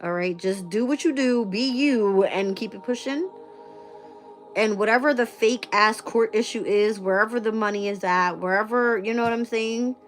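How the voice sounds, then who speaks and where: A woman's voice: mid-range voice, normal speed, soft background music. A woman hosting a tarot channel in a casual live-stream chat, blunt and profane and laughing often. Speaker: tarot reader and channel host.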